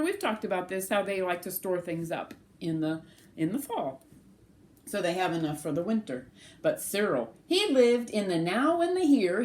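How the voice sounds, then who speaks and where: A woman reading a rhyming picture book aloud to children, animated and sing-song, stopping to ask the children questions. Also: mid-range voice.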